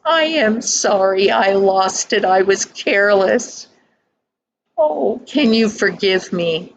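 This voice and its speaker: A woman's voice: medium pitch, animated, slow pace, gravelly, highs cut off, slight background noise, voice pushed up. An older woman voicing a remorseful young boy who pleads and stammers near tears.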